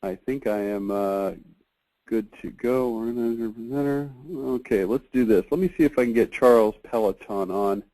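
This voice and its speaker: A man hosting a casual conference call, chatty and halting, with many fillers. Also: fairly low pitch, mellow, low-quality recording. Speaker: host of a marketing review call.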